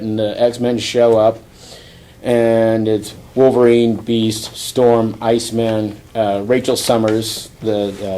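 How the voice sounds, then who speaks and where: Mellow-voiced man rambling through a comic review. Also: medium pitch. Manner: rambling, acts out quotes, chuckles often. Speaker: podcast host. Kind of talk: casual comic book review chat.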